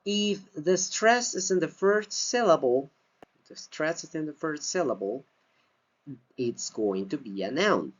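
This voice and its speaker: A male English teacher walks through a slide lesson at an unhurried, deliberate pace. His pitch rises and falls a lot as he repeats key phrases for emphasis. The recording sounds dull and lo-fi. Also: animated. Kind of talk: slide-based grammar lesson.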